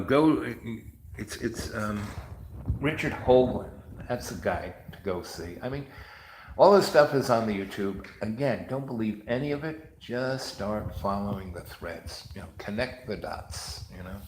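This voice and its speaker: A man's voice: on the low side, a bit bright, reverberant, a little hiss or hum, rough recording. A man hosting a rambling, chatty monologue and telling stories. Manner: chatty, storytelling, mimics others in raised voice. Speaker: host.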